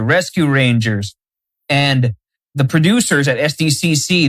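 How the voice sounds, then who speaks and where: This is a man in casual podcast chat, excitable and quick to jump in with "like" and "I mean." His voice sits mid-range, and the recording is dry and close. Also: mid-range voice, no room sound. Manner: animated, chatty, many fillers and restarts. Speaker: podcast co-host.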